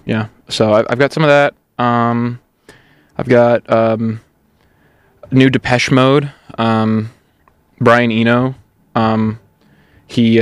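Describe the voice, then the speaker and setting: A young man hosting a college radio show, out of breath, talking in a halting way with many fillers and restarts. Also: fairly low pitch, no echo. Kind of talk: casual radio chat.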